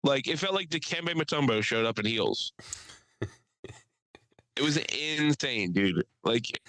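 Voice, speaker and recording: A man co-hosting a podcast, telling stories in loose, profane, animated chat. His voice sits in the middle register. The sound is dry and close, with almost no room around it. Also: mid-range voice, unhurried, long pauses, dry recording, poor audio. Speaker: podcast co-host. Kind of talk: casual chat.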